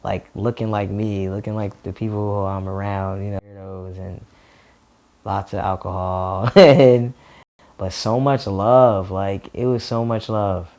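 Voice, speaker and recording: Chatty young man, low voice. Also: a little slow. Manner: relaxed, chatty, with lots of "like" and laughter. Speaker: interviewee. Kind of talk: casual personal storytelling.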